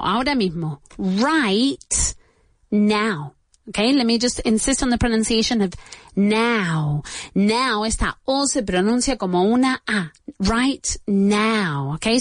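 Woman, English teacher, beginner lesson, slow deliberate repetitions, switching, dry close sound. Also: mid-range voice, dry recording. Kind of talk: beginner English lesson, drilling example sentences.

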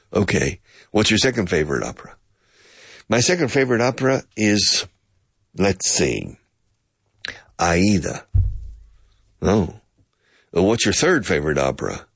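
A man's voice: sing-song, measured pace, vocal fry, long pauses, husky, dry recording, clean studio sound. A man giving a playful English lesson, acting out both sides of a conversation and explaining phrases with bits of Spanish. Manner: acts out both sides of a conversation, switching pitch. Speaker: English teacher.

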